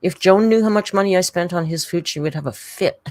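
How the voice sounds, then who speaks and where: Chatty livestreamer with a lively pitch. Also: takes it slowly, pauses often, no echo. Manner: chatty and rambling, talks to a pet cat between chat messages; reads viewer comments aloud and thanks members. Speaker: livestreamer reacting to videos and reading chat. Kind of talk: casual livestream chat.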